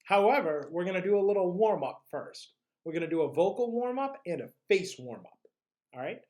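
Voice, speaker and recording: A teacher leading a drama class through vocal warm-ups and tongue twisters. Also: mid-range voice, animated, a little fast.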